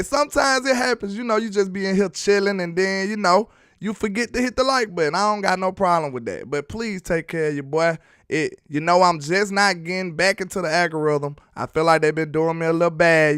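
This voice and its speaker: A man's voice: a little high, a bit bright, smooth, no room sound, studio quality. A man casually breaking down football film on a live stream, chatty and laughing as he teases his viewers. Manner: chatty, laughing, teasing the chat. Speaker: sports film-study streamer.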